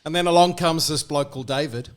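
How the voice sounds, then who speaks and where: Lively Australian man telling a story. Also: on the high side, fast. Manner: lively, animated storyteller who acts out characters. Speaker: church guest.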